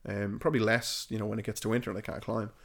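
A man's voice: on the low side, flat delivery, rapid-fire, vocal fry, a bit bright, husky. A man co-hosting a casual podcast, telling stories animatedly and swearing freely. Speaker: podcast co-host.

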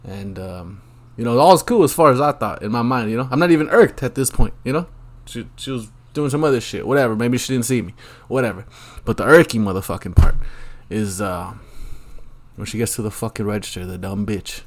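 A man's voice: medium pitch, a little fast. Man ranting profanely on a podcast. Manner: rambling, profane ranting with frequent ums. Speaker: podcast host. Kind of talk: solo podcast monologue.

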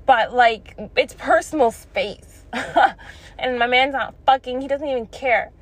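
High-voiced young woman ranting bluntly. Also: a little slow, fairly bright tone. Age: young adult. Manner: blunt, profane, laughs between lines. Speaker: vlogger. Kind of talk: casual storytime rant.

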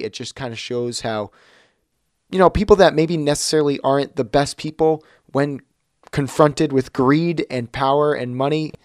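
A man at a mid pitch chats casually as a podcast co-host. He runs the segment clock in a relaxed, easy way. His voice is close and dry, with no room sound around it. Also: dry recording.

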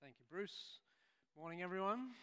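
Bright-voiced preacher in a church hall. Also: male voice, high-pitched, lively intonation, moderate pace, clear, resonant tone. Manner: storytelling, conversational with asides. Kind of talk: sermon.

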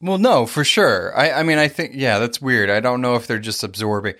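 A man co-hosting a podcast in casual chat, animated, often laughing, his pitch jumping high when excited. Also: a little fast. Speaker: podcast co-host.

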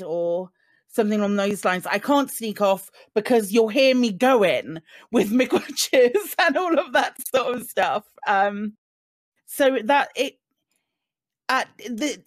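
A woman in casual group chat, talking in halting bursts with many restarts, frequent swearing and laughter. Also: on the high side, dry recording, clean studio sound.

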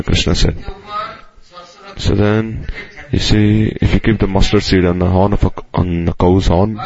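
Deep gravelly male preacher. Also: little pitch movement, darkish tone. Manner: measured, with Sanskrit and Hindi terms woven in. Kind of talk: devotional sermon. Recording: slightly dull lo-fi recording.

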